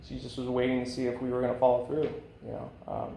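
Gravelly man, candid rambling talk. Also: mid-range voice, completely flat delivery, fast, dark tone, a little hiss or hum. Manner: candid, rambling, with frequent fillers and laughs. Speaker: speaker at a recovery meeting. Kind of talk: personal recovery talk. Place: meeting room. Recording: echoey room, faint ambience.

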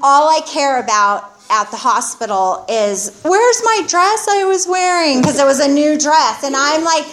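A middle-aged woman giving a candid, rambling personal testimony about her recovery from alcoholism, talking in a halting, confessional way. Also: a little high, fairly bright tone.

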